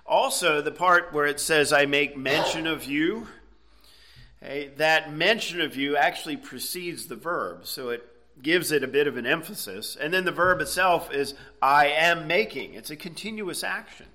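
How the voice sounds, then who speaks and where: A man's voice: fairly high pitch, animated, moderate pace, bright, forceful tone. A middle-aged man preaching a sermon, explaining a passage in a conversational way and checking in with "okay?" and "right?". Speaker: pastor.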